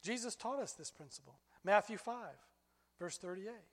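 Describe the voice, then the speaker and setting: A man preaching a sermon as pastor, telling stories in an animated way that climbs high when he gets excited. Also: normal speed, in a large hall.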